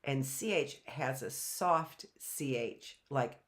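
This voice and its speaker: A middle-aged woman teaching a live online phonics lesson, patiently asking questions and slowly sounding words out. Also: very deep voice, fairly bright tone.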